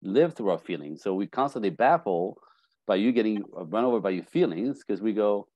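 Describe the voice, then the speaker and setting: Animated male relationship coach, low mellow voice. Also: fairly quick, no room sound, rough recording. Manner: animated storyteller acting out quotes. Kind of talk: casual advice interview.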